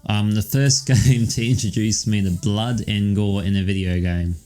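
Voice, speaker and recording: A man's voice: fairly low pitch, steady tone, moderate pace, warm tone. A young man chatting casually as podcast co-host, rambling and swearing, with lots of ums. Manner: rambling and profane, with many ums and "all right"s. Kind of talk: casual chat.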